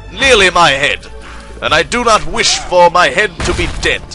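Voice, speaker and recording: A man's voice: sits high, sharp tone, full character voice. A man putting on a prim, over-enunciated, vaguely British voice while playing a game, rhyming playfully. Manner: enunciates every word, rhymes playfully.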